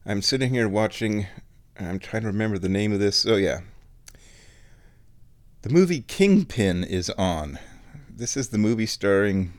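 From his home, a streamer hosts his recurring show with laid-back, rambling, casual chat. He has a fairly low-pitched voice, and there is no echo.

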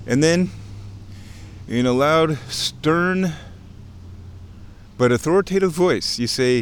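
A man's voice: fairly high pitch, animated, a little slow, long pauses, a little hiss or hum. A man narrating casually while walking outdoors along a wooded creek. He is playful and chatty, mimicking sounds and chuckling often. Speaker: nature vlogger. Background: faint outdoor ambience.

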